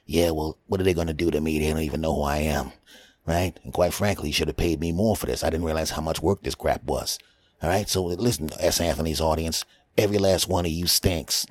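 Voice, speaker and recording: A very deep, gruff male impressionist played by a man in a comedy podcast sketch, surly and dismissive. He grumbles insults with no interest in pleasing anyone. The recording is close and dry. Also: a little fast, no room sound.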